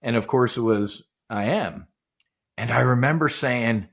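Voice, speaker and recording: An intense middle-aged man telling a personal story with passion and lots of acted-out dialogue. His voice sits at an ordinary middle pitch. He swears freely and speaks with a casual, unpolished edge. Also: a little slow, vocal fry. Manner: intense, swearing, animated retelling with quoted dialogue. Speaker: guest, former naval aviator. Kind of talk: emotional storytelling in casual chat.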